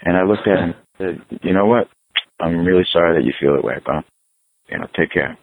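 A man's voice: deep voice, a little fast, no room sound. A middle-aged man and punk musician, casually telling a profane story and acting out the dialogue. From New York. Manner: profane, animated storyteller who acts out dialogue. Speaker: guest, hardcore punk musician. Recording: phone-like dry remote audio.

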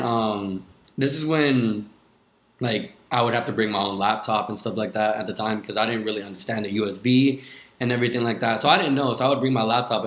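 A young man, a DJ guest on a podcast, telling his story in a loose, casual way, swearing often and filling with "like". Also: mid-range voice. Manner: loose, swears a lot, many "like" fillers. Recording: echoey room.

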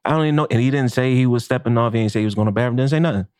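A man, a chef and podcast co-host, telling a story in a casual, profane and animated way. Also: mid-range voice, racing, clear, resonant tone, no echo, clean studio sound. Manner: animated, profane, acts out quotes with laughs.

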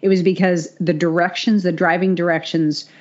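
A woman co-hosting a podcast, telling a story in a casual, animated way and swearing freely. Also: fairly low pitch, moderate pace, muffled recording. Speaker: podcast co-host.

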